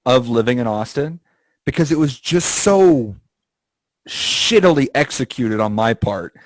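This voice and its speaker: Animated, swearing male podcast storyteller. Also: a little slow, no room sound, poor audio. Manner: animated storyteller, jumps into high silly voices for quoted people; swears freely, laughs at his own stories. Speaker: podcast co-host. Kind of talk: casual chat.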